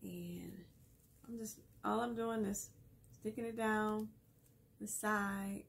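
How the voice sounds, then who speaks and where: A woman's voice: mid-range voice, fairly even intonation, takes it slowly, gravelly. A woman hosting a casual craft tutorial, chatty and laughing often as she explains each step while she works. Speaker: craft video host.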